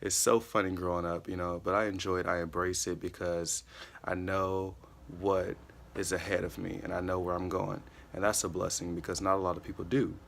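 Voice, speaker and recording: A man's voice: sits low, little pitch movement, brisk, creaky, a little hiss or hum. A man in his twenties giving an earnest, casual motivational talk, often repeating himself and saying "you know.". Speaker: motivational vlogger.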